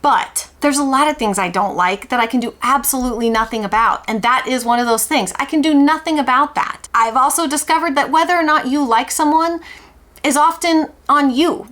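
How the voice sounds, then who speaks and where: A woman's voice: a little high, fairly bright tone. A woman, talking in a candid confessional vlog in an emphatic, outspoken and self-mocking way. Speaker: homeschool vlogger.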